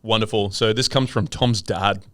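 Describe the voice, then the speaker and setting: A young man co-hosting a comedy podcast, trading dry, deadpan banter. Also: fairly low pitch, moderate pace, no room sound. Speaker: podcast co-host. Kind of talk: casual comedic podcast chat.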